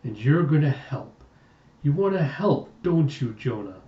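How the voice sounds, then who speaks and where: A man voicing a sinister old male doctor, calm and cruel, who draws out his words and drops the ends of sentences low and soft. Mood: menacing. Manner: slow, drawn-out menace, name-endings dropped low and soft. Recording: roomy, distant, dull lo-fi sound.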